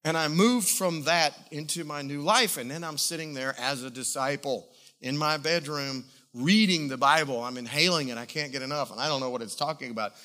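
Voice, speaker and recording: A man preaching a sermon as a pastor, telling a personal testimony in an emotional, animated way. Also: on the high side.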